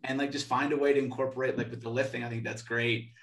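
A man's voice: mid-range voice, flat delivery, fast talker, a bit bright, recorded from a distance. A young adult man co-hosting a podcast in casual chat, easygoing and full of filler words. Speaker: podcast co-host. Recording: roomy, echoey sound.

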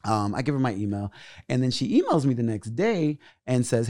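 A young man who is a comedian guest tells a story fairly quickly, in an easygoing and animated manner. His voice spikes in volume and pitch each time he acts out a moment.

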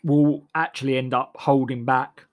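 A man's voice: mid-range voice, steady tone, moderate pace. A man with a mid-range voice rambles through a sardonic comic monologue. He often stumbles and restarts his phrases, keeping a dry, mocking edge.

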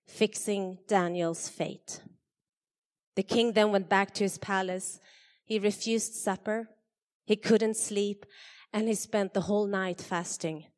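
A woman giving an expressive Bible reading to a church congregation, her voice rising for the quoted speakers. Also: medium pitch. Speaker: scripture reader. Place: church hall. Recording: long hall reverb.

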